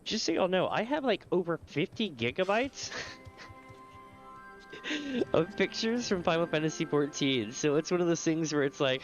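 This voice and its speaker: A male game streamer with a stuffy nose talks in a slightly high, animated, unhurried voice during casual livestream chat. He rambles, swears freely and laughs a lot, with soft background music and lo-fi sound.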